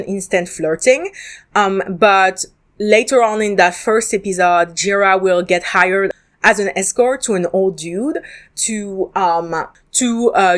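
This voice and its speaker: A woman talks through her thoughts on a drama in a relaxed solo podcast. She is candid and chatty, with plenty of ums and false starts. Her pitch sits in the middle range for a woman. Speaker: podcast host reviewing dramas. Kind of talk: casual solo podcast review.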